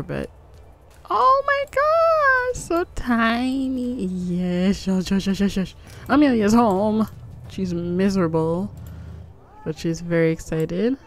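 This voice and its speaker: Over faint background music, a young female YouTuber with a lowish, somewhat mellow voice chats casually through a life-sim game. Her let's-play commentary rambles, and she giggles and coos over the pets.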